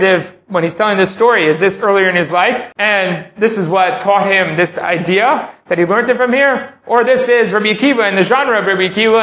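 A man's voice: high-pitched, a bit bright, echoey room, lo-fi sound. A man teaching a Talmud lesson, reading Hebrew passages aloud and then translating and explaining them line by line. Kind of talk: text-study lesson.

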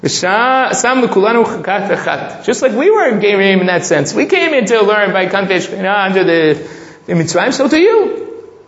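A man teaching a Torah class, reading Hebrew passages aloud and explaining them in English, getting excited over the text. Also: high-pitched, moderate pace, reverberant, lo-fi sound.

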